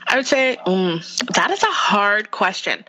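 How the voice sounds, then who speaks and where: A woman's voice: mid-range voice, sing-song, a little slow, pushed and bright, rough recording. A woman with a West Coast Canadian accent, an actor chatting as a podcast guest, upbeat and full of fillers. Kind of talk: casual podcast interview.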